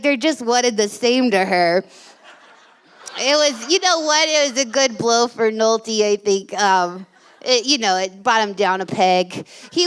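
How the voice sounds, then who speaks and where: A woman's voice: a little high, fairly bright tone, clear, resonant tone. A woman telling a comic story on stage, rambling and giggling through it. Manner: rambling and giggly, full of restarts. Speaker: storyteller guest. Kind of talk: live comedic storytelling.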